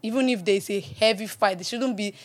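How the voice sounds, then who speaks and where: A woman's voice: medium pitch, brisk. A young woman with a Nigerian accent, co-hosting a casual podcast in a playful, teasing way. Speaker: podcast co-host. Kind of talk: casual chat.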